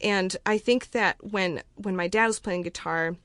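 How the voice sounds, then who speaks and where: Chatty woman guest rambling happily, pretty dry mic, normal pitch. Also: unhurried, a bit bright, no room sound. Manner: chatty and effusive, with many fillers. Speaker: musician guest. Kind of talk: casual podcast chat. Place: studio.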